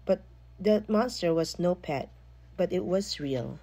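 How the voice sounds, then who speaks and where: Woman, children's storybook reading, lowish husky voice, very expressive. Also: a little slow. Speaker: storytime reader.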